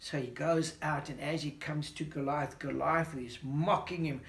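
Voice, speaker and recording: A man telling a Bible story to children, animated and full of questions for his listener. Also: on the high side, normal speed, gravelly. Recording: roomy echo.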